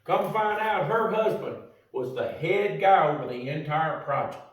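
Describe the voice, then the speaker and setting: An older man with a drawl spins a casual yarn, cussing freely and talking plain folksy. His voice sits a little high for a man. He sounds set back from the mic in a very echoey room. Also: animated, measured pace. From United States. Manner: salty, profane, folksy. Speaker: storyteller. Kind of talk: casual storytelling. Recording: roomy echo from a distant mic.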